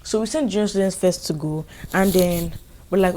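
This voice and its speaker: A young woman with a Nigerian accent tells a school story for her vlog. She sounds animated and exasperated, and her voice sits on the lower side. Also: moderate pace, a little hiss or hum. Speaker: vlogger.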